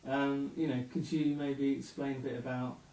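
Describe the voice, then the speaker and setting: Interviewer guy, mellow dark voice, bit far off the mic in an echoey room, stumbly questions. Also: mid-range voice, level tone. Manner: hesitant, halting questions.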